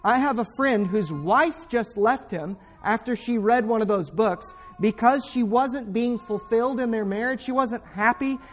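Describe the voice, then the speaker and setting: Fervent preacher man, sharp bursts. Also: very high-pitched, a little slow, few pauses. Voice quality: pointed, direct address to listeners. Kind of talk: sermon.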